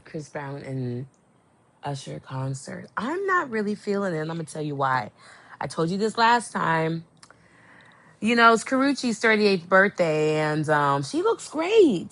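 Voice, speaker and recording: A young adult woman hosting a podcast, chatting casually and gossiping with animated, swooping exclamations. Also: lowish voice. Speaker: podcast host. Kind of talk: casual chat.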